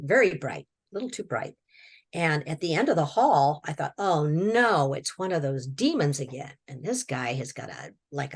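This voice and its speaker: A woman's voice: low voice, husky. A woman from Washington state telling her own story as an interview guest, in a folksy, plainspoken way with repeated words and short laughs. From Washington state, USA. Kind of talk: personal storytelling, recounting a near-death experience.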